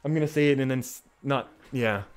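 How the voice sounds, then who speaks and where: A Canadian man talks his way through a live game stream in a loose, conversational voice. His pitch sits right in the middle for a man. He rambles and laughs at himself, breaking off and restarting his sentences as he answers his chat. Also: fairly quick, clean tone. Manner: chatty and self-deprecating, chuckles and restarts mid-sentence. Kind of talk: casual live-stream gameplay commentary.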